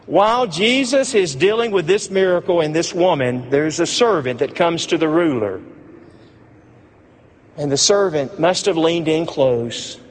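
High-voiced preacher in a reverberant hall. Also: male voice, expressive, measured pace. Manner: emphatic, repeats key phrases; drops low and soft for quiet moments. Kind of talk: sermon. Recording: long reverb of a large hall.

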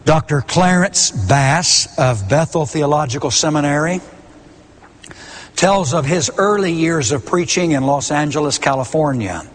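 A middle-aged male preacher delivers his sermon slowly and deliberately, leaning on repeated words for emphasis. His voice sits a little high for a man. Long reverb from the sanctuary trails behind every phrase.

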